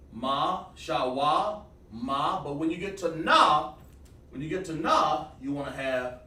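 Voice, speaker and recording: A man teaches a loose, chatty lesson to viewers as he draws on a board. His voice sits a little high for a man. He sounds a step back from the mic in a roomy, echoing space. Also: fairly bright tone, recorded from a distance. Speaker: Hebrew teacher on a livestream. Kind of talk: casual livestream lesson. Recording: echoey room, voice away from the mic.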